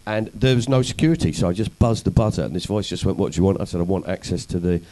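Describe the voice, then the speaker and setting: Male guest, low warm voice, wry anecdotal storyteller. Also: fast talker, poor audio. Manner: anecdotal, wry, self-deprecating. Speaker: comedian and activist guest. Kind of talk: conversational storytelling interview.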